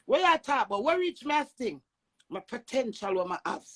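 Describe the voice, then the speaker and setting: A Jamaican woman with a high voice delivers a brash, cursing rant. She swings between loud shouts and low mutters. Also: sing-song, normal speed, poor audio. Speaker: social media personality.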